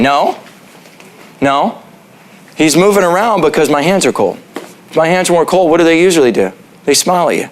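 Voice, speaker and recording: A man's voice: a little high, lively intonation, moderate pace, pauses often. A man, a chiropractor, giving a casual class in his office, joking and throwing questions to the audience. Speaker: chiropractor teaching a health class.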